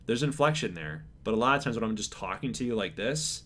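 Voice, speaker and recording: A man hosting his channel, reading out viewer survey answers in a laid-back, chill way, calling his own voice monotone and chuckling now and then. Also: lowish voice, a little fast, few pauses. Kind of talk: casual chat to camera.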